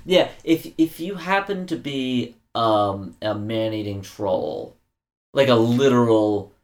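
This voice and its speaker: A man's voice: mid-range voice, animated, slow. A man co-hosting a casual podcast, joking around and rambling with lots of fillers and restarts. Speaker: podcast co-host.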